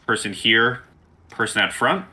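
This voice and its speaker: A man running a tabletop game as game master, calmly explaining the setup step by step. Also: medium pitch, unhurried, breathy edge.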